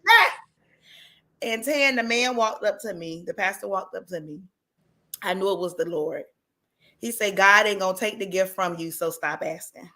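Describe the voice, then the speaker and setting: A woman hosts a casual chat show, her voice bright and forward. She talks with feeling, circling back to the same grateful phrases in a churchy cadence. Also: medium pitch, moderate pace, poor audio. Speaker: host.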